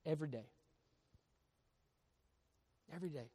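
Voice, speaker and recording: A man preaching a sermon as pastor, swinging between quiet confession and loud storytelling. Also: on the high side, a little fast, no echo.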